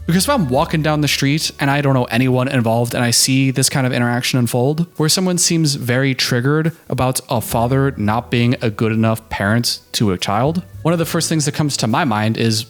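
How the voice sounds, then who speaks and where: A man's voice: mid-range voice, brisk, hardly any pauses, faint music behind. A man giving sarcastic, incredulous commentary on a reality show. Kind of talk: reaction commentary.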